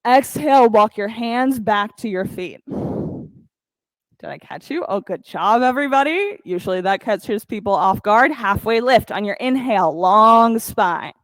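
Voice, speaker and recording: A woman teaching a yoga class, calmly counting breaths and cueing poses with encouragement. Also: on the high side, a little slow, dry recording, poor audio. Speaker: yoga instructor. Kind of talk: guided yoga class cues.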